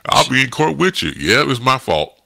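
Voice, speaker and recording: A man's voice: mid-range voice, big pitch swings, fairly quick, vocal fry, sharp tone, no echo, studio quality. A man in casual radio chat, joking and laughing often.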